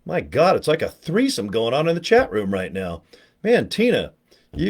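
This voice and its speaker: A man hosting a casual live stream, rambling and joking with viewers in the chat and poking fun at himself. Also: on the high side. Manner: joking, rambling, self-mocking; talks to viewers in the chat by name. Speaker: livestream host promoting products.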